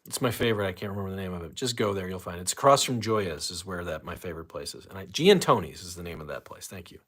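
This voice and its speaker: Ranting profane man, lively voice. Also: sits low, fast talker. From St. Louis, USA. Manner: ranting, profane, reads chat aloud. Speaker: livestream host. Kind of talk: casual livestream chat.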